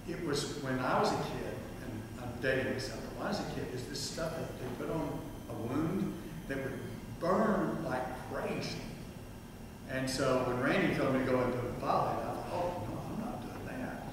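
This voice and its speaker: Man, church speaker, humorous storytelling, mid pitch, distant mic, booming hall echo. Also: normal speed. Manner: humorous, anecdotal, addresses the audience directly. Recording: echoey hall from far off, background noise.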